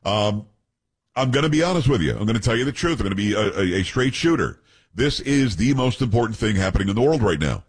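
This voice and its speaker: A man's voice: lowish voice, lively intonation, quick pace, husky. A man hosting talk radio, reading news stories aloud and breaking in with blunt, opinionated asides.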